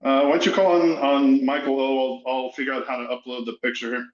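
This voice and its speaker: A breathless man on a video call, asking a question in an apologetic, halting way. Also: mid-range voice, flat delivery. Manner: apologetic, halting, restarts often. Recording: roomy dull video call audio.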